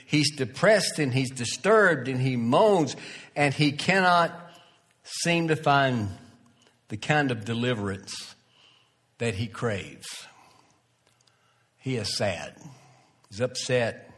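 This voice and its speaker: A man preaching a sermon in a slow, earnest way, rising in pitch and force at emphatic moments, often restarting his phrases. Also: expressive, fairly bright tone, husky. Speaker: pastor.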